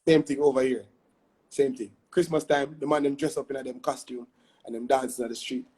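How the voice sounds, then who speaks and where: A man's voice: mid-range voice, fairly even intonation, brisk, mellow, husky. A young adult man with a Jamaican accent, a guest chatting animatedly in an interview, often adding "you see me?". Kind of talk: casual interview chat.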